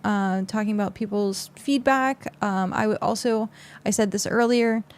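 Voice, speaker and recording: A woman's voice: mid-range voice, fairly even intonation, moderate pace, clear, resonant tone. A young adult woman streamer chatting casually with her viewers on a close mic, rambling with lots of fillers. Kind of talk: casual livestream chat with viewers.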